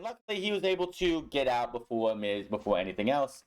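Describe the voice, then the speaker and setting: A man's voice: mid-range voice, sing-song, a little fast, few pauses. A young man recapping a wrestling show in a casual, blunt way, swearing often and sounding frustrated with the booking.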